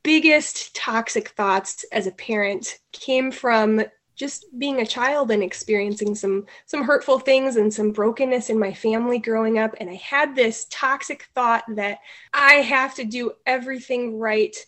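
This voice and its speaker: A woman's voice: fairly high pitch, a little slow, fairly bright tone. A mother speaking as a guest on a Christian parenting podcast, sharing earnestly and from the heart.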